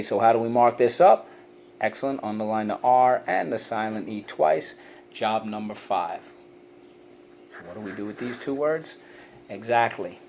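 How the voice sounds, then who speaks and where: A man teaching a spelling lesson, encouraging and sounding out syllables slowly. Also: lowish voice, gravelly, a little mellow, slight background noise.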